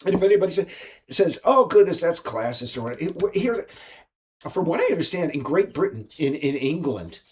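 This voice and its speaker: A man's voice: a little high, animated, darkish tone, a little hiss or hum. A man, an indie game developer, talking alone in a rambling monologue, stopping and restarting often. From United States. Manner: halting, many restarts and fillers.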